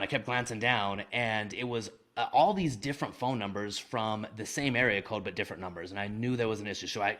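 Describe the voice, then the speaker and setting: A man telling a personal story as a podcast guest, animated and self-deprecating, with casual slang like "man" and "dude.". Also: fairly low pitch. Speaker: guest, real estate investor. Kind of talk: conversational storytelling.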